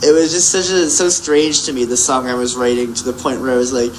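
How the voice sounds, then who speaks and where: A young man, a musician guest, telling a story in casual chat, rambling with many fillers and quick laughs. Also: medium pitch, fairly even intonation, slight background noise, rough recording. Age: young adult.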